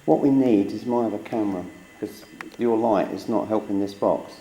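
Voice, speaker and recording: A man's voice: on the low side, moderate pace, dark tone, slight background noise, low-quality recording. A man hosting a paranormal investigation makes brief, practical remarks about the equipment in a derelict building at night. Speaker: paranormal investigator and show host. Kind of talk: casual remarks during an investigation.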